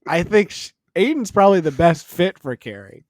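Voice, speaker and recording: Lively laughing podcast co-host, man. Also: high voice, normal speed, a little hiss or hum. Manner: animated, laughs often, rambling asides. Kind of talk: casual chat.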